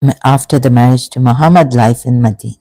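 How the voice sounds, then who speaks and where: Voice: medium pitch, steady tone, quick pace, warm tone, no echo, poor audio. A speaker giving an emotional, rambling monologue commentary with many restarts. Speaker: religion critic.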